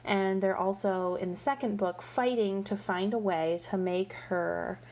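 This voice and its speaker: In a casual book review, a woman with a medium-pitched, slightly mellow voice speaks a little slowly and fairly evenly. Retelling the series, she rambles like she's gossiping, exasperated and full of "like" and "you know."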